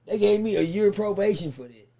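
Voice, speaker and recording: A man tells a long story in a sit-down interview. His voice sits fairly high with a gravelly crackle. He is animated and profane, and he acts out everyone he quotes. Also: brisk. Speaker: guest.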